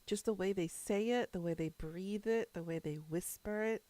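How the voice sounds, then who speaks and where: A woman's voice: mid-range voice, moderate pace, warm tone, no room sound. A woman streamer chatting casually with her viewers, rambling between topics and answering chat while she eats.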